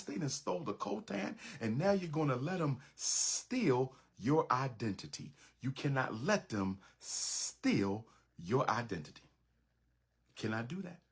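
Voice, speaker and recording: A middle-aged man lecturing with fervor, hammering his points through repetition in a preacher's rhythm. His voice is husky, and his pitch swings widely as he drives each line home. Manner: emphatic, repetitive preaching cadence. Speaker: public speaker. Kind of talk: impassioned lecture.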